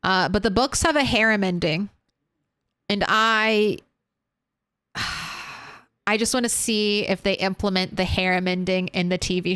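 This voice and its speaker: A woman's voice: mid-range voice, fairly bright tone, smooth, dry recording. A young woman streaming a game, chatting casually as she plays, rambling between topics and swearing freely. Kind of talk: casual gameplay chat.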